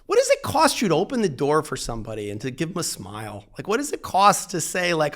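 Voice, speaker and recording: A man's voice: high-pitched, wildly swooping pitch, quick pace, few pauses. A man, a divorce lawyer, talking as a podcast guest, emphatic and full of "like", acting out the back-and-forth of an anecdote. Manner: emphatic, lots of "like", acts out quoted dialogue. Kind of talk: animated conversational storytelling.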